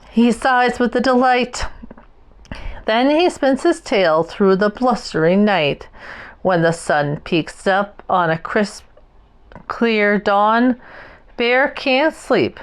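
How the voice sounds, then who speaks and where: A woman reads a picture book aloud for her young children, taking it slow with a sing-song lilt. Her voice is clear and smooth, swinging widely in pitch. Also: lively intonation. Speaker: parent reading to her children.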